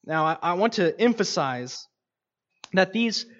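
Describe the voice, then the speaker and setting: A man giving an earnest, unhurried teaching on meditating on scripture, often restarting his sentences. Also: sits high, lively intonation, fairly bright tone. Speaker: Bible teacher. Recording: dull lo-fi recording.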